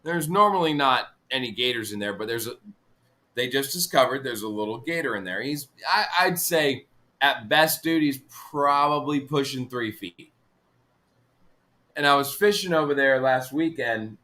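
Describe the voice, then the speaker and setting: Bright animated man spinning fishing yarns. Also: mid-range voice, normal speed. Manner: animated, swearing anecdote teller. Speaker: fishing guide guest. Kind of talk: casual storytelling chat.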